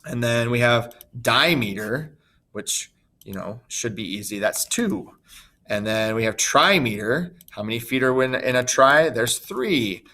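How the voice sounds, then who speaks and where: A man's voice: mid-range voice, animated, unhurried, pushed and bright. A man teaching a recorded lesson in a casual, chatty way, with asides and fillers. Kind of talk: recorded screen-share lesson.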